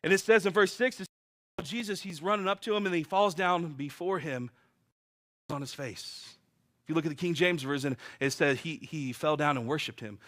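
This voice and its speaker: Earnest man preaching, slightly high voice. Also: a little fast, a bit bright. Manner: vivid storytelling, earnest and emphatic. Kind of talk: sermon with personal testimony.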